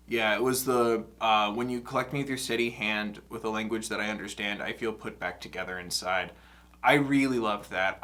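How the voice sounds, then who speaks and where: Man, casual reaction commentary, excitable, self-mocking, frequent laughs, mid-pitched voice. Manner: shifts between soft reflective talk and loud outbursts. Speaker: music reaction host.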